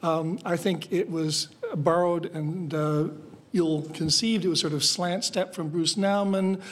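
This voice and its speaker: Male critic, slightly high voice, blunt and opinionated delivery. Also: fairly even intonation, a little slow. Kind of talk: discussion panel.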